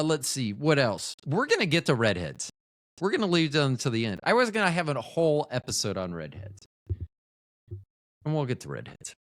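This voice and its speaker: A man's voice: medium pitch, fairly bright tone, no echo, studio quality. A man hosting a casual solo podcast, rambling and joking with offhand profanity, often cutting himself off mid-thought. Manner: rambling, self-interrupting, trails off mid-thought. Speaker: podcast host.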